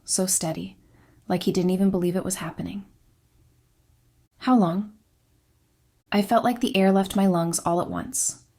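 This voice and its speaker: A woman reads a first-person confession from a script. Her voice sits at a middle pitch for a woman. Her delivery stays quiet, subdued and steady. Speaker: story narrator.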